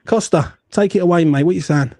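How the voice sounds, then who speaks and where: Ranting football host. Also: male voice, sits high, brisk, dark tone, dry recording, studio quality. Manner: blunt, swearing, ranting. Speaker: fan show host. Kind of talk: heated fan call-in chat.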